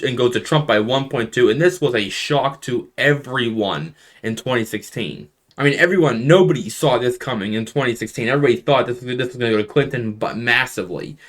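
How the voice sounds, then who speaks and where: Young male commentator, casual map breakdown, restarts a lot, mid-pitched voice, emphatic on the big points. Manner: rambling, restarts sentences, animated emphasis. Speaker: political commentator. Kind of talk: casual election map analysis.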